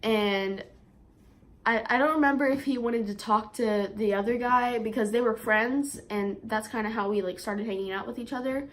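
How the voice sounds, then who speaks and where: Young woman vlogger, chatty storytime, lots of likes, a bit high voice, gets animated quoting herself. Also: moderate pace. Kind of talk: storytime vlog.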